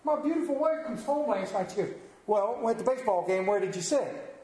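A man's voice: sits high, animated, brisk, warm tone, reverberant, low-quality recording. A middle-aged man preaching a sermon, telling folksy, self-deprecating stories to his congregation in a church. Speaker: pastor. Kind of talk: sermon with storytelling.

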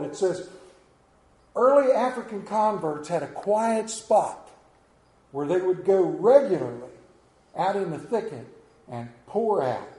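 A man's voice: a little high, dark tone, reverberant, poor audio. A man preaching a sermon as pastor, telling stories with rising and falling emphasis.

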